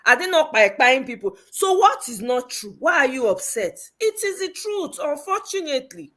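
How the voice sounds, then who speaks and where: A woman's voice: sits high, very animated, moderate pace, fairly bright tone. A Nigerian woman hosting a casual livestream chat, slipping into Pidgin and laughing as she reads viewer comments. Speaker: livestream host.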